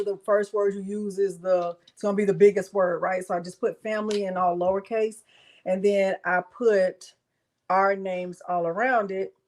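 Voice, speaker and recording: A woman's voice: mid-range voice, low-quality recording. Chatty woman hosting a crafting livestream. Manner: chatty, talks to viewers and her dog by turns. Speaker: crafting live stream host. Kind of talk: casual live-stream tutorial chat. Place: home craft room.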